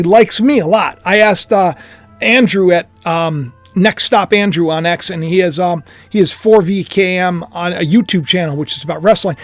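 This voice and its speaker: A man with a notably high voice muses aloud in a casual, rambling vlog from home. He is self-deprecating and chuckles as he talks. The sound is close and dry. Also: no echo. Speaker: YouTuber and author. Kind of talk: casual speculative monologue.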